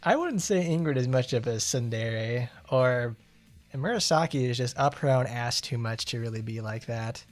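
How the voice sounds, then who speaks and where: A man's voice: mid-range voice, lively intonation, normal speed, soft background music. A man streaming a game, rambling casually and laughing often as he plays. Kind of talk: casual gameplay commentary.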